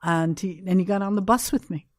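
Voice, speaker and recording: An older woman from New York, a podcast guest, recounting memories in an animated, emphatic way. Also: lowish voice, fairly quick, no echo, clean studio sound. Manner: animated, emphatic, acts out quotes. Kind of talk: casual storytelling interview.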